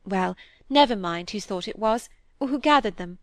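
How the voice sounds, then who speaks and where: A woman's voice: mid-range voice, lively intonation, dry recording, natural voice. Woman doing a breezy, careless young lady. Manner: brisk, breezy, dismissive.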